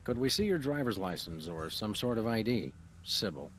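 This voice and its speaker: An actor playing a dry, deadpan, formal-talking canine detective in a cartoonish video game. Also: male voice, on the low side, normal speed, slight background noise.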